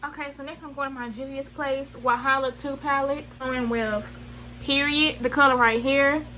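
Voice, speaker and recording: A Southern US beauty vlogger narrates a makeup tutorial in a high-pitched, sharp voice at a moderate pace, her intonation fairly even. She chats loosely, throws in slang, corrects herself, and trails off mid-sentence. The recording is low quality, with a little hiss or hum.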